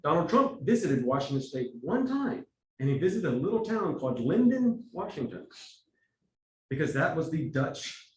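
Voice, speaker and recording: A man with a Texas accent leading a church evangelism workshop, talking conversationally and acting out quotes in lively asides. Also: fairly high pitch, normal speed, slight background noise. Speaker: evangelism trainer. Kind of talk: workshop teaching. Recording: echoey room, from far off.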